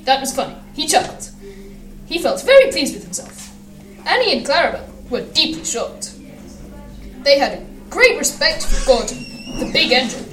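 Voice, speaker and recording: A woman reading a children's storybook aloud in a lively, expressive way. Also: sits high, roomy sound, far from the mic, poor audio.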